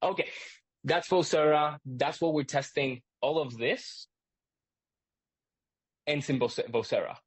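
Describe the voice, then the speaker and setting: Guy running a live ai webinar, talks fast then slow, keeps restarting, dry sound. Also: a little high, breathy edge, no room sound. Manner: energetic, rambling, lots of restarts. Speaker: host and instructor.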